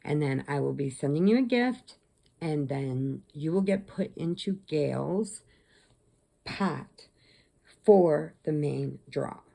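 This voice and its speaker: Give me a middle-aged woman telling stories on her own channel, in a low voice with a dark, mellow tone. She rambles from one subject to the next in a chatty, friendly way. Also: lively intonation, slow pace, gravelly. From Illinois, USA. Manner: rambling, chatty, laughs often. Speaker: crochet channel host. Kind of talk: casual storytelling vlog.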